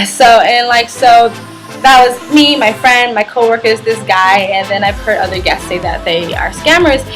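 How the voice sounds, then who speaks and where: Woman travel vlogger, chatty and rambling, slightly high voice, faint music underneath. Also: unhurried, a bit bright, poor audio. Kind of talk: storytime vlog.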